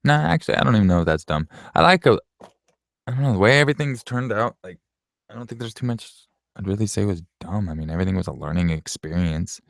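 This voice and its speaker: Deep gravelly man, blunt and offhand. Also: animated, fast talker, no echo, studio quality. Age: late 20s. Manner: blunt and offhand, swears, laughs often. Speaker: YouTuber answering viewer questions. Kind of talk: casual Q&A chat.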